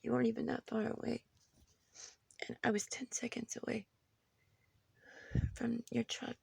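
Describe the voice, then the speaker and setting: A woman recording a personal video message on her phone, short of breath, halting and repeating herself, often dropping to a whisper. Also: a little high, little pitch movement, vocal fry, a little mellow, breathy edge, no room sound. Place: her room at home.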